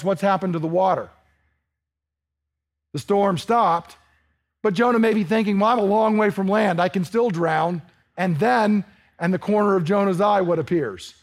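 A man preaching a sermon to a congregation, asking them questions and acting out the dialogue of the story. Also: sits high. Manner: animated, asks the congregation questions, acts out dialogue.

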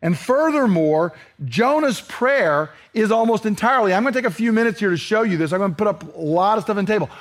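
A male pastor preaching an expository sermon, earnest and emphatic, slowing down to read scripture aloud. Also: high voice, expressive.

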